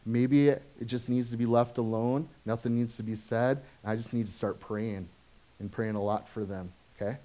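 A man in the middle of a sermon, talking to his congregation like friends, tossing them quick questions and tags. He gets lively when telling everyday stories, then drops quiet and low for the serious points. His voice sits at an ordinary middle pitch. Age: adult, has children. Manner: conversational, asks the congregation questions often; swings from animated to soft and low. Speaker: pastor.

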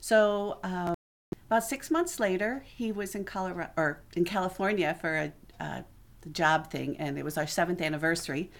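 A middle-aged woman shares her personal testimony at a church service, speaking in an earnest, conversational way. Her voice sits a little on the lower side for a woman. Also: moderate pace. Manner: earnest, conversational storytelling that acts out quoted voices. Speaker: church member giving a testimony. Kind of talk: personal testimony told to a congregation.

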